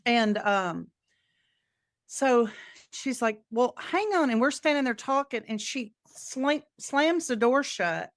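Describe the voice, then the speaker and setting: Taking her time, a middle-aged woman with a slightly high voice co-hosts a podcast and tells stories in casual chat. She's an animated storyteller who acts out the quotes, heard in a dry, studio-quality recording.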